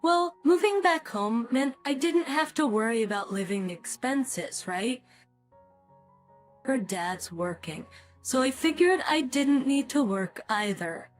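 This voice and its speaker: A woman's voice: sits high, lively intonation, slow, soft background music. A woman voicing a whiny grown son who pleads with his mother for help. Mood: sheepish.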